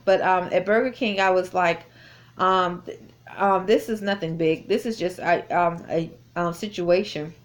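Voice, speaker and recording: A woman's voice: lowish voice, unhurried. A woman telling a personal story in a casual spoken testimony, rambling with many fillers and restarts, recorded indoors on a phone. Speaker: vlogger recounting a personal experience.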